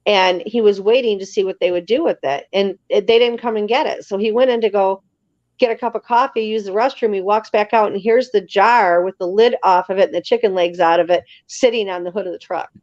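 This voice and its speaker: A woman telling stories as an interview guest in a casual, lively way, acting out other people's lines. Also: mid-range voice, fairly quick, no echo. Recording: slightly dull lo-fi sound.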